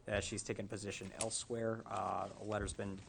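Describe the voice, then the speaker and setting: A man reading out agenda items and letters at a town board meeting, plain and quick, with small stumbles. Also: on the low side, level tone, creaky. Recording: faint noise on meeting audio.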